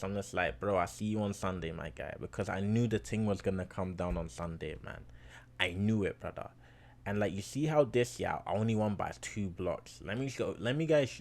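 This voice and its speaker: A man casually talking fantasy basketball to his viewers in a chatty, slangy way, getting loud and excited over close wins. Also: low-pitched, vocal fry. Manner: chatty, slangy, addresses viewers as bro and guys.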